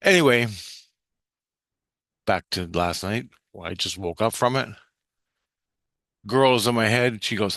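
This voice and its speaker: Guy rambling slow and intense, lots of swearing, low-ish bright voice, dry close sound. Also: no room sound. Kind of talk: rambling spiritual vlog monologue.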